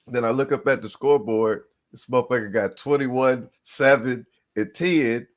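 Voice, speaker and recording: A man's voice: medium pitch, normal speed. A man co-hosting a sports podcast in casual chat, animatedly retelling players' stories with slang and cursing. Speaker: podcast co-host. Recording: live stream call.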